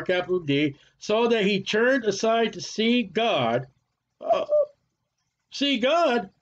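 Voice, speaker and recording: A man teaching a Bible study as a sermon, animated, sarcastic and preachy, from the United States. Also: extremely high pitch. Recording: muffled lo-fi recording.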